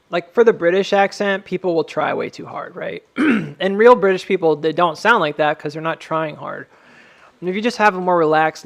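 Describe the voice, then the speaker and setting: An American man hosts a casual live stream from home, rambling and chuckling at himself. His voice sits a little high and has a gravelly rasp. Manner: laughs often, rambling and self-amused.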